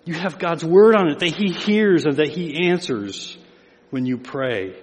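Older guy preaching a sermon, kinda high voice, big echoey church. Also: expressive, a little slow. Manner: emphatic preaching, rising in pitch and volume on key phrases. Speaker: pastor.

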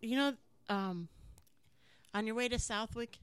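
A woman's voice: on the high side, measured pace, a bit bright, slight background noise. Profane woman telling a road-rage story. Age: adult parent. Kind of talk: casual chat.

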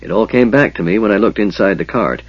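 A man voicing a haunted, solemn male plainsman warrior in an audiobook, speaking quietly and haltingly in a husky voice. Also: fairly low pitch, no echo, highs cut off.

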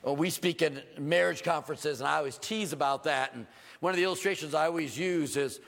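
A middle-aged man preaching a sermon in a church sanctuary, his high voice roughened by a gravelly edge. He preaches animatedly and slips into quoted voices with sudden swings of pitch. A long hall reverb trails every phrase. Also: brisk, fairly bright tone. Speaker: pastor.

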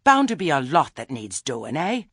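A stern, proud old witch, as a male narrator puts her on, firm and forceful in her speech. Husky, lively in pitch, recorded close and dry. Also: moderate pace, dry recording, heavily acted.

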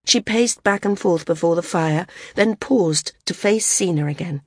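Woman reading an audiobook, low husky voice, dry close sound. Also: a little slow, hardly any pauses, a little mellow, no room sound. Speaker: narrator. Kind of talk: audiobook narration.

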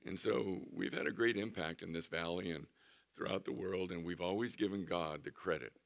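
A man's voice: deep voice, moderate pace, vocal fry, lo-fi sound. A man in his sixties, a pastor preaching a conversational sermon with humorous storytelling in a church. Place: church sanctuary.

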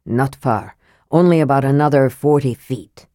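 A woman's voice: rumbling low, moderate pace, warm tone, dry recording, studio quality, pitched below the performer's own voice. A woman reading an audiobook voices a stern male dwarf leader who speaks tersely.

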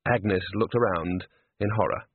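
A man narrating a storybook with an expressive, lively reading. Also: fairly low pitch, unhurried, husky, no room sound. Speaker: audiobook narrator. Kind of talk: storybook narration with character voices. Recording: tinny phone-like band, dry.

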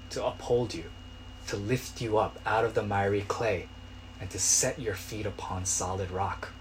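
A male pastor preaching a sermon in a conversational way, building to loud, pleading cries. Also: medium pitch, slight background noise.

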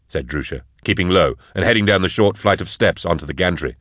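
A man reading an action story aloud in a measured, tense storytelling manner. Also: deep voice, fairly bright tone, dry recording, studio quality. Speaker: narrator. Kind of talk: audiobook narration.

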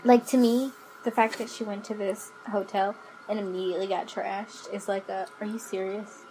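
A woman's voice: mid-range voice, flat delivery, normal speed, mellow, slight background noise, low-quality recording. A woman co-hosting a podcast in casual chat, frank and wry, often poking fun at herself. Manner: frank, wry, self-deprecating. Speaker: podcast co-host. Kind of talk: casual chat recapping a TV episode.

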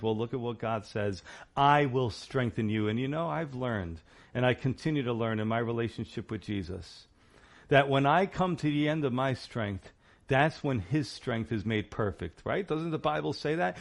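A man preaching a sermon, earnest and encouraging, often asking the listeners rhetorical questions. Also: medium pitch. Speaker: pastor.

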